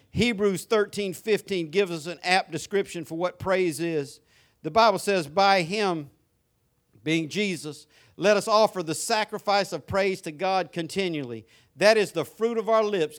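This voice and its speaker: A man preaches a sermon in church, and his voice sits high for a man. The tone is bright and forceful. He drops to quiet, conversational asides, then climbs into loud, excited praise. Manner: preaching, swinging from soft asides to shouted praise. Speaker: pastor. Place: church sanctuary.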